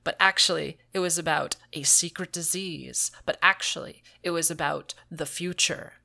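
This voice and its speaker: A woman's voice: deep voice, steady tone, normal speed, vocal fry, bright, forceful tone. A woman co-hosting a casual gaming podcast, sarcastic and casually swearing. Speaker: podcast co-host.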